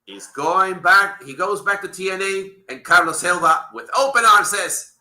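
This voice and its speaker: A man's voice: sits high, normal speed, few pauses, bright, forceful tone. A man hosting a wrestling talk show, ranting heatedly and swearing often. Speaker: podcast host.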